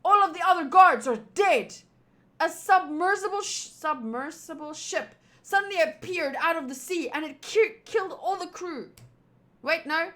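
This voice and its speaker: A woman's voice: very high voice, lively intonation, moderate pace, fairly bright tone, voice pushed up. A woman voicing a panicked young male guard who pleads frantically for help.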